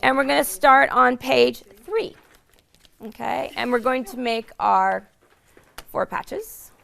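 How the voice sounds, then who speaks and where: Hoarse, gravelly woman teaching quilting. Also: sits high, slow pace, fairly bright tone, a little hiss or hum. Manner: chatty, friendly, explains step by step. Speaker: quilting instructor. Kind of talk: casual sewing demonstration.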